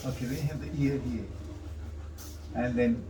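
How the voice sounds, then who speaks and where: A man's voice: medium pitch, steady tone, moderate pace, recorded from a distance, noisy background. A man teaching a drawing demonstration, talking through each step and correcting himself as he goes. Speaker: art instructor.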